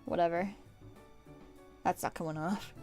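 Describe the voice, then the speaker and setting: A sick young woman streaming from her desk at home, rambling casually and swearing, with sudden loud yelps. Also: fairly low pitch, fairly even intonation, unhurried, faint music behind. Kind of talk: casual chat while painting nails.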